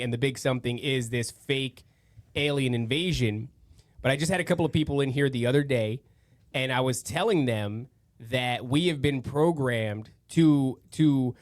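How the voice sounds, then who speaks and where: A man hosting a casual podcast chat, talking in an animated, slangy way and acting out what others say. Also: mid-range voice. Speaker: podcast host. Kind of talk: casual conversation.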